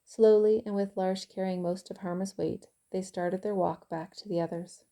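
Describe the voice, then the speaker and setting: A woman author reading her own novel aloud in calm, even audiobook narration. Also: medium pitch, moderate pace.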